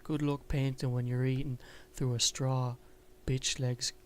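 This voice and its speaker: An angry, foul-mouthed creature girl from a visual novel game, as a man reads her lines. She hurls crude insults in a flat, even voice. A faint hiss sits behind her. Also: mid-range voice, a little slow, natural voice. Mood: hostile.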